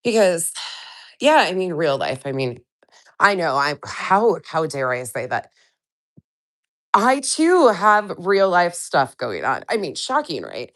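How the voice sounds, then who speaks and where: A woman's voice: lowish voice, sing-song, takes it slowly, fairly bright tone, dry recording, clean studio sound. A woman with a stuffy nose from a cold, hosting a casual live stream, greeting chatters by name and venting bluntly with plenty of swearing. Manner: greets chat viewers by name. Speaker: livestream host.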